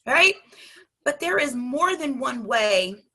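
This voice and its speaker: A woman coach speaks with a bright, forceful edge and a slightly husky grain. Her delivery is emphatic and preacher-like, full of rhetorical questions thrown straight at her listeners. She pitches a touch high. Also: lively intonation, unhurried. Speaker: life coach. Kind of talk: motivational talk.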